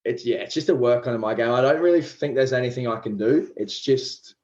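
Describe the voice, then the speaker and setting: A man's voice: mid-range voice, fairly quick, darkish tone, muffled recording. An Australian man in his twenties, a pro rugby league player chatting casually as a podcast guest, loose and self-deprecating. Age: 20s.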